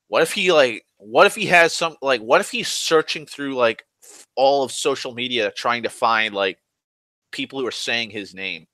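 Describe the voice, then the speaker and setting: Bright-voiced rambling young man. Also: mid-range voice, no room sound. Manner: rambling, restless, full of restarts and "like", swears freely, swings loud and soft. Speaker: vlogger. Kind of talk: rambling casual monologue.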